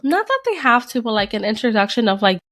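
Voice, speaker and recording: Animated storytelling young woman. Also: quick pace. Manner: animated storytelling, acts out quotes with big pitch jumps. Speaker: podcast co-host. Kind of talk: casual chat.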